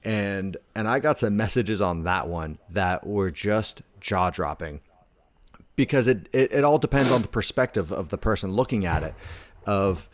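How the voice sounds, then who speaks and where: A man with a lowish voice talks loosely in a casual conversation, piling up "like" as he rambles through his stories. The sound is dry and close, with no room around it. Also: expressive, normal speed, no room sound. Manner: rambling storyteller, heavy on "like".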